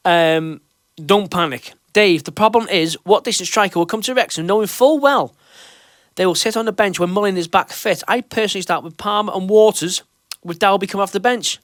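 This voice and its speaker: A man's voice: high voice, a little fast, fairly bright tone, dry recording, studio quality. A man hosting a fan show in casual chat, reading out questions and reassuring listeners. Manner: chatty and reassuring, with loose restarts. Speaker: podcast host.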